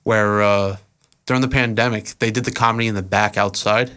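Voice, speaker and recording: Laid-back young man with a lowish voice. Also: brisk, clear, resonant tone. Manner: relaxed, rambling, many "uh" fillers. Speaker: podcast guest, event organizer and rapper. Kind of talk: casual interview storytelling.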